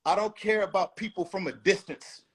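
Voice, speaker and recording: A man's voice: sits high, normal speed, fairly bright tone, husky. A man talking as a rapper guest in a casual interview, blunt, emphatic and profane.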